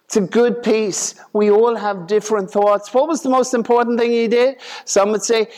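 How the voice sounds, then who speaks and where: A man preaching a conversational sermon in a folksy way, acting out voices with sudden leaps in pitch. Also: fairly even intonation, normal speed, a little mellow. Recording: long reverb of a large hall.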